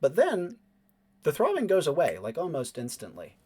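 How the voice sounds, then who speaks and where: A man narrating as game master of a tabletop role-playing game, easygoing, with halting asides and frequent chuckles. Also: fairly high pitch, wildly swooping pitch, warm tone, breathy edge.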